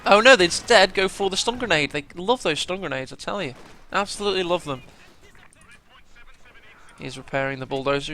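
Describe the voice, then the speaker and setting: A man casting a strategy game match, chatty play-by-play that bursts into excitement at big moments. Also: fairly high pitch, slight background noise. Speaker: game caster.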